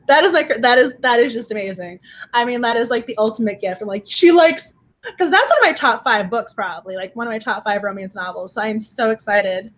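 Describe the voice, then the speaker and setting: A woman's voice: a little high, animated, normal speed, a bit bright. A woman co-hosting a book club livestream, giggly and effusive, rambling with restarts as she chats. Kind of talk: casual chat.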